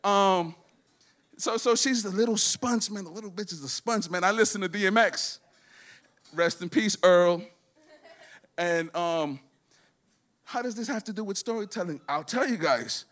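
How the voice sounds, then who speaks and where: A man doing a stand-up comedy set, rambling and profane, slipping into quick voices for other people. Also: high-pitched, a bit bright. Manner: does quick voices for his daughter and others.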